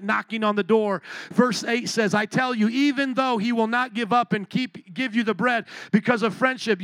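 High-voiced man preaching with call-and-response. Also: no room sound. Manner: energetic call-and-response preaching, playful asides; asks the congregation questions and repeats key phrases. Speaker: pastor. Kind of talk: sermon. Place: church service.

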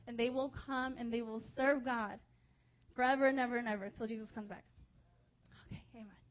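A young woman preaching a sermon, telling a personal story in a lively, chatty way with lots of "like"s. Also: fairly high pitch, fairly quick. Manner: lively, chatty, many filler "like"s. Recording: dull lo-fi recording.

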